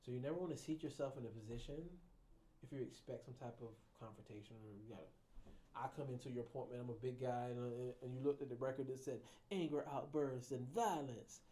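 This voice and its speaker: A man's voice: medium pitch, a little fast, mellow, slight background noise. Casual-talking male clinician lecturing. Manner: colloquial, conversational and down-to-earth. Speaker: clinician teaching patient interviewing. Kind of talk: informal lecture to trainees.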